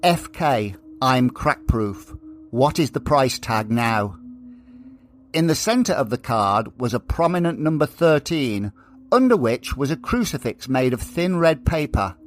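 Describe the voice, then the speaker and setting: A man reading scripted true-crime narration for a podcast, slowing down deliberately when he reads out letters. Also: medium pitch, expressive, slight background noise.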